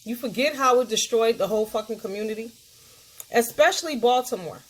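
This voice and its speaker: A woman's voice: on the high side, a little fast. A middle-aged woman, ranting bluntly and profanely as a commentary vlogger, talking straight to her viewers.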